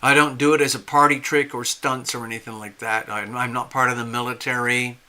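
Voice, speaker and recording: A man's voice: medium pitch, flat delivery, a little fast, pushed and bright. A man giving a tarot reading on a live stream, earnest and reassuring, often checking in with the listener. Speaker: tarot reader.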